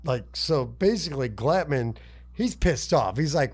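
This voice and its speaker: A man's voice: medium pitch, expressive, measured pace, darkish tone, slightly rough. A man co-hosting a podcast, telling rambling stories full of swearing and laughter. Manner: profane, laughing, rambling storytelling. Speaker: podcast co-host. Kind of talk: casual podcast banter.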